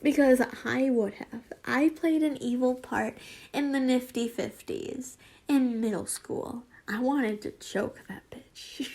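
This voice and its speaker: A young woman reads fanfiction aloud at an unhurried pace, her high voice carrying a gravelly edge. She rambles off topic, giggling and apologizing between passages. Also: darkish tone. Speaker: fanfiction reader. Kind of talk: casual reading with chatty asides.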